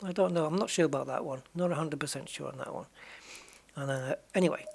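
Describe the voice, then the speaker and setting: A man's voice: on the high side, fast talker, gravelly, husky. A man hosting a gaming channel, chatting casually and rambling over a racing game, often trailing off and correcting himself. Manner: rambling, musing and self-correcting. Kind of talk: casual commentary while playing a racing game.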